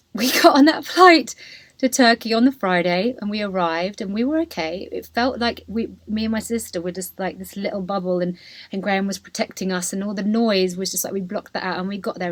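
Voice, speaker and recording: A woman's voice: medium pitch, no echo. A woman opens up on her podcast, speaking candidly and emotionally with plenty of "like" and "you know". Her voice sits in a middle register, and the recording is close and dry with no room around it. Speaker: podcast host. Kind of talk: personal storytelling.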